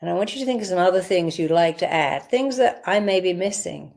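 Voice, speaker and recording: A woman's voice: lowish voice, vocal fry, darkish tone. A woman therapist leading a guided visualization, firmly directing listeners and repeating affirmations for them to say back. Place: live online event.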